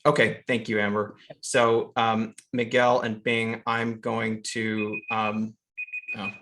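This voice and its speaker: A man chairing an online meeting on a video call, halting and full of fillers as he runs through procedure. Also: fairly low pitch, monotone, background noise.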